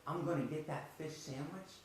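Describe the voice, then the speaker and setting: A man's voice: a little high, moderate pace, far from the mic, slight background noise, lightly acted. A man voicing an eager, naive male heart patient in a very echoey hall.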